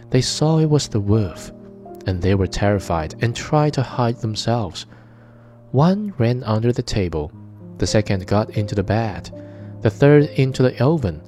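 A storyteller reads a fairy tale aloud in a measured, expressive way, with soft music playing faintly beneath him. His voice is low, mellow, dark, and relaxed.

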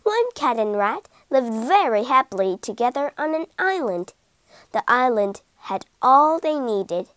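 A woman reading a children's story aloud, slowly and expressively. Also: on the high side, big pitch swings, a bit bright, no echo. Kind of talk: scripted children's story narration.

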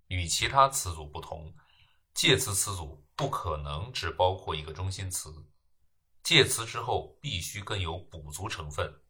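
A man giving a grammar lesson, explaining terms in a measured way and then reading example sentences. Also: deep voice, bright, forceful tone, slightly rough. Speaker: English grammar teacher. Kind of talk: slow lecture narration with read example sentences.

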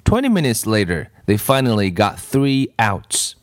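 Male storybook reader, expressive, slow, lively pitch. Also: no echo, clean studio sound. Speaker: narrator. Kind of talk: storybook read-aloud.

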